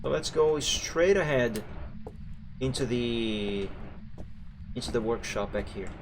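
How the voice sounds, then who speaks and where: Guy streaming a spooky game, middle pitch, chatty and jumpy, bit of faint noise behind. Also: takes it slowly. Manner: chatty, jumpy, talks to chat while playing. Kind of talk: live gameplay commentary.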